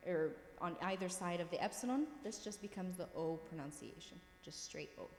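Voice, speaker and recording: A woman's voice: lowish voice, fairly quick. Encouraging woman teaching in an echoey classroom. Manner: patient, encouraging, checks in often. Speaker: Coptic language teacher. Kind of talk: classroom lesson, reading words aloud. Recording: roomy echo with long reverb, faint room noise.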